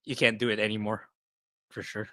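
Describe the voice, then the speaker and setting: A man's voice: lowish voice, flat delivery, a little fast, a bit bright, dry recording. A man co-hosting a podcast who mostly gives short agreeing replies in casual chat. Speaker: podcast co-host.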